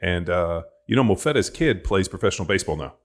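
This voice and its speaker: A man hosting a podcast, telling stories in an excitable, profane, bro-ish way. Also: low voice, quick pace. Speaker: podcast host. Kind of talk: casual podcast chat. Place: podcast studio.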